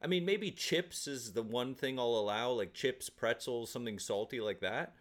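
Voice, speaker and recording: A man's voice: medium pitch, normal speed. A man co-hosting a casual podcast chat, blunt and opinionated, with a jokey manner. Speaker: podcast co-host.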